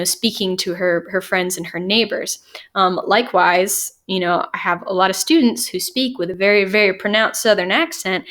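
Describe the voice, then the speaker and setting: A woman teacher explaining and summarizing novel chapters in a conversational way. She enunciates clearly and leans on frequent "um" and "you know" fillers. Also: mid-range voice, a bit bright. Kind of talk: casual classroom lecture and chapter summary.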